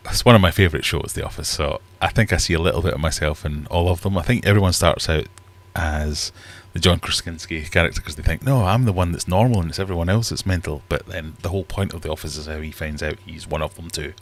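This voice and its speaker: A Scottish man with a low, deep voice hosts a casual live stream from his home fish room. He is middle-aged and chats in a loose, rambling way, often poking fun at himself. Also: steady tone, fast talker, few pauses, a bit bright. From Scotland. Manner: rambling, chatty and self-deprecating. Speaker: livestream host.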